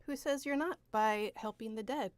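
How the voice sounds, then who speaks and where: A woman co-hosting a casual podcast chat, playful and quick to laugh. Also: a little high. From Illinois. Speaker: podcast co-host.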